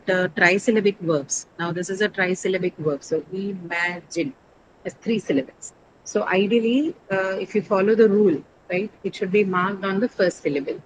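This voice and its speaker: A woman's voice: medium pitch, background noise. A woman teacher lecturing an online English class, explaining step by step and correcting students patiently.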